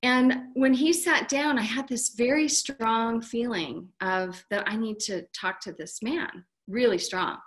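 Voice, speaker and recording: A woman's voice: fairly high pitch, unhurried, hardly any pauses. A middle-aged woman, a guest author, telling a personal story in an earnest, heartfelt way.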